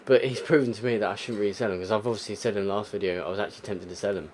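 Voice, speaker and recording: A man's voice: fairly low pitch, very fast, a little mellow, slight background noise. A young man commentating his football video game play, muttering, then bursting out in frustrated exclamations. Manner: frustrated, exclamatory, swings between muttering and outbursts. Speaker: gaming YouTuber. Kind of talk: live gameplay commentary.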